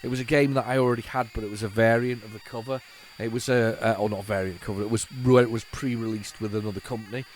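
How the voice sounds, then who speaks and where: A man's voice: lowish voice, steady tone, quick pace, hardly any pauses, slight background noise. A man hosting a retro computing video, chatting casually and rambling to viewers as he tests old tapes. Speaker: retro computing channel host.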